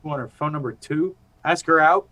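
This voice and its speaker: An actor in a stage reading playing a ruthless ex-convict burglar with a sneering, tough manner. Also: male voice, on the high side, a little fast, sharp tone. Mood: menacing. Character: menacing ruthless male ex-con burglar.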